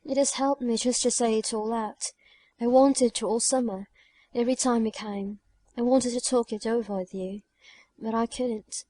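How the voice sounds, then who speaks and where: A woman reading an audiobook voices a frail, dying young woman who pleads tearfully and haltingly. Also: fairly high pitch, fairly even intonation, dark tone, lightly acted. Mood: softly confiding.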